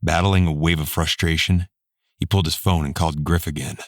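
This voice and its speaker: A man narrating an audiobook in a steady, measured way. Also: rumbling low, no room sound, studio quality. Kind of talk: scripted narration.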